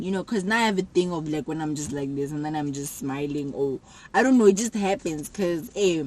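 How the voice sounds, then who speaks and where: A young woman tells a story to camera in a loose, chatty way. Her pitch sits in the middle range. She acts out quotes with sudden loud jumps. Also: fairly quick, rough recording. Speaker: vlogger. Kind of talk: casual storytelling.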